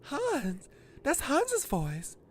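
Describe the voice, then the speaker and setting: A man voicing an earnest young female detective in a high, anxious voice. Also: wildly swooping pitch, drawn-out words, exaggerated voice. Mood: alarmed. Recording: game music behind.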